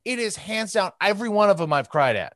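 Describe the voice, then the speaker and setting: A man's voice: high-pitched, very animated, brisk, no echo, studio quality. A man in his thirties in casual podcast chat, rambling and emphatic and tagging his points with "okay?".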